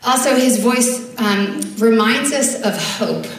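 At a church service, a woman with a slightly high, expressive voice takes her time reading scripture aloud. She preaches earnestly and conversationally, using casual fillers, while the distant recording echoes heavily through the church hall.

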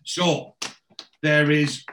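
A man's voice: a little high, flat delivery, drawn-out words, pushed and bright, a little hiss or hum. A man casually recapping a TV episode. He rambles as he goes, quoting the characters and filling the gaps with ums. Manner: rambling storyteller, many fillers and quotes.

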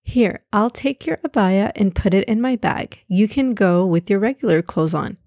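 A woman's voice: mid-range voice, animated, moderate pace, warm tone, no room sound, highs cut off. A woman reading aloud, voicing a loving mother who firmly sets out rules for her children. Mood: tender. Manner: firm, instructive, listing rules. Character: careful, loving mother of two.

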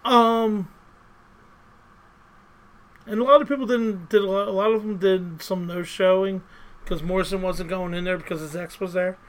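A man with a high voice co-hosts a casual podcast chat. He tells his stories in a rambling, animated way, with plenty of fillers and restarts along the way. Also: normal speed, long pauses, low-quality recording. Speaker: podcast co-host.

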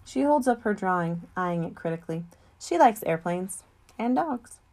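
Calm woman reading a storybook. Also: medium pitch, normal speed. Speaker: audiobook reader. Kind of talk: storybook narration.

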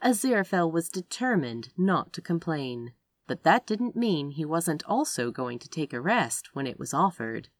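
A woman reading a romance story aloud as narrator, with expressive delivery. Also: moderate pace, no room sound. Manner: expressive narration with wide pitch swings. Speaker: audiobook narrator.

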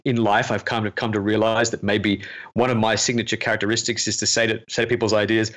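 A man's voice: on the low side, flat delivery, quick pace, fairly bright tone. A man, a film director, chatting earnestly in an interview and telling stories with self-deprecating humor. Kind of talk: casual interview chat.

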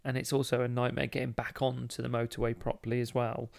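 A man's voice: mid-range voice, little pitch movement, fast, gravelly. A young man from the Dudley area with a Black Country accent, co-hosting a casual podcast and telling stories in a rambling way with frequent laughs. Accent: Black Country English. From Dudley area, West Midlands England. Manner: rambling storyteller, laughs often. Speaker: podcast co-host.

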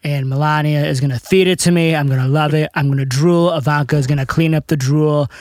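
A man's voice: fairly high pitch, steady tone, brisk, darkish tone, no echo, studio quality, pitched below the performer's own voice, natural voice. A man doing an impression of a boastful male politician, rambling and bragging about a restaurant dinner.

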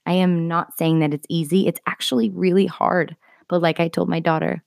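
A woman's voice: on the low side, little pitch movement, moderate pace, gravelly, darkish tone, no room sound, studio quality. A woman in her thirties hosting a podcast, giving an earnest, heartfelt talk of faith-based encouragement with casual asides. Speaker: podcast host.

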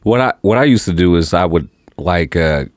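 Low, lively-voiced man cursing casually. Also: normal speed, no echo, clean studio sound. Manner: laughs along, profane, lively pitch. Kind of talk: casual storytelling chat.

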